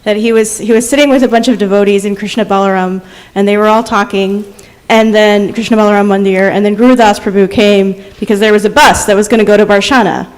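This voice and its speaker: A woman in the audience telling a story in a lively way. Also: medium pitch, fast, rough recording. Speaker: audience member sharing a story.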